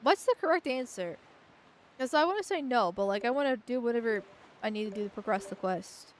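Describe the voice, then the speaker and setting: A woman's voice: fairly high pitch, animated, a little fast, slight background noise. A young woman streaming a game, chatting crudely and jokingly, often laughing and stumbling over her words. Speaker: vtuber streamer. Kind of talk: casual gameplay commentary.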